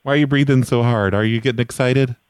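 A man hosting a prank call show, calm, dry and mocking as he teases an angry caller. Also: mid-range voice, fast, smooth, no echo.

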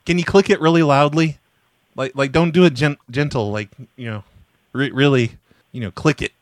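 A man's voice: fairly high pitch, moderate pace, no room sound, clean studio sound. A man making a prank phone call as a fake technician, asking silly, childish questions with frequent stammers. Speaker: prank caller posing as a technician.

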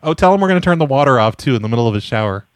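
A man's voice: medium pitch, animated, very fast, no echo. Man, prank caller, fake technician, silly childish questions, stammering, dry close sound. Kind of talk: deadpan prank phone call.

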